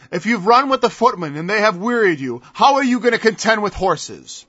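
A man's voice: high voice, pushed and bright, no room sound. A man preaching a sermon in an emphatic style, firing off mocking rhetorical questions. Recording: dull lo-fi dry recording.

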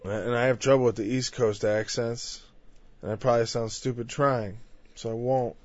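A man preaching a conversational Bible-teaching sermon. He is emphatic, builds louder through lists and drops in frequent "you know" asides. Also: mid-range voice, steady tone, moderate pace, no echo. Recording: dull, dry lo-fi recording.

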